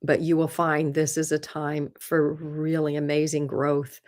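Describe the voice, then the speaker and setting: A woman's voice: low voice, flat delivery, measured pace, a little mellow. A woman hosting a live stream, chatting candidly and earnestly with viewers, often laughing at herself and offering encouragement. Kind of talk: casual chat answering viewer comments.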